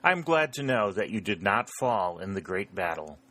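Guy reading as a grave steady officer, sober and measured, low bright voice. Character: grave adult male Union officer, steady.

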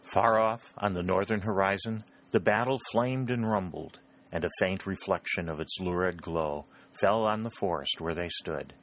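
A man narrating a novel as an audiobook, steady and measured. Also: low voice.

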